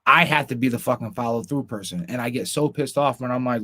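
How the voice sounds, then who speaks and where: A man's voice: medium pitch, fast, hardly any pauses, fairly bright tone, no echo, clean studio sound. A man hosting a podcast, talking casually with heavy swearing, ranting in a heated, rambling way with frequent restarts. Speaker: podcast host.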